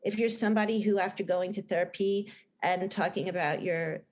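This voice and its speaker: Guesting in a relaxed podcast interview, this film director and writer, a middle-aged woman with a New Jersey accent, speaks earnestly but rambles with frequent restarts. Her voice sits on the low side, a little mellow, and moves fairly quickly.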